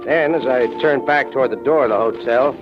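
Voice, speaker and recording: A man's voice: mid-range voice, brisk, natural voice. An actor narrating as a dry, wisecracking hard-boiled male detective in a 1940s radio drama. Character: tough, wry male private eye. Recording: dull vintage radio with music bed.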